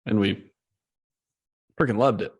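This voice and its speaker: A man's voice: on the low side, unhurried, husky. A man co-hosting a casual bourbon review, rambling and thinking aloud. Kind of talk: casual chat.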